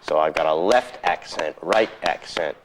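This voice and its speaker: Deep-voiced guy giving a laid-back guitar lesson, counting one two three on an old videotape. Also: measured pace, noisy background. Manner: relaxed, counts rhythms aloud. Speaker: guitar teacher. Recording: 1990s instructional videotape.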